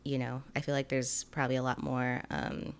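A woman's voice: rumbling low, level tone, normal speed, vocal fry, clear, resonant tone. A woman hosting a podcast, asking thoughtful, questioning follow-ups in casual chat. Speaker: podcast host.

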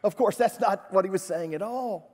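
A man's voice: high voice, normal speed. A man preaching a sermon as pastor, talking with his congregation in a conversational way and asking them questions. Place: church sanctuary. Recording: church livestream with long hall reverb.

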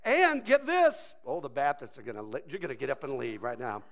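A man's voice: medium pitch, fast, creaky. A man preaching a sermon as pastor, joking and acting out playful voices.

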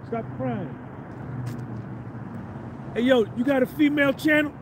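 High-voiced guy ranting on his podcast, blunt and in your face, faint traffic noise outside. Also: unhurried. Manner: blunt, confrontational, slangy. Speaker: podcast host. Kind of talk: ranting monologue.

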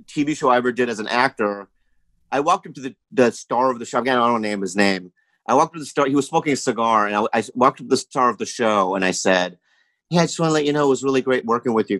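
A man's voice: mid-range voice, a bit bright, no echo. A man guest on a comedy podcast, telling rambling stories in casual chat and saying "you know what I mean" often.

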